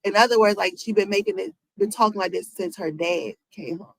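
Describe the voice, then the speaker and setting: A woman streamer chats casually about celebrity news, speaking right to her viewers, tossing out rhetorical questions, and using African American Vernacular English phrasing. Her voice is medium-pitched and a little fast, with vocal fry and a fairly bright tone. The recording is rough.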